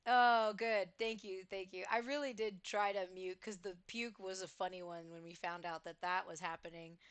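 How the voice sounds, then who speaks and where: A woman's voice: mid-range voice, fairly even intonation, normal speed, clean tone, no echo. A woman streamer chatting casually while gaming, gushing, giggling and exclaiming often.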